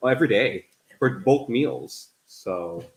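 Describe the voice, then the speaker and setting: A man's voice: on the low side, expressive, slow, reverberant. A man co-hosting a live cooking stream, chatting casually and walking through each step as he cooks in a home kitchen. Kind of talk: casual chat while cooking.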